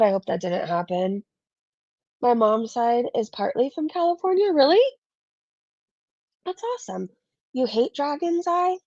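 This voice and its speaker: A woman's voice: a little high, a little mellow, dry recording, dull audio. A woman hosting a casual live-stream commentary, chatty and rambling as she reads super chats. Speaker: commentary channel host.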